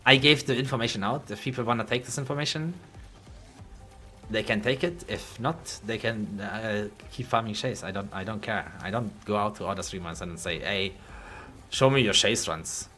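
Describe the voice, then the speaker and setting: A young German-accented man talks loosely to his livestream chat between game moments, blunt and joking, with a curse here and there. His voice sits on the low side but comes across bright and forward. Faint background music plays under him. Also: a little fast. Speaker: game streamer. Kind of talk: casual livestream chat while gaming.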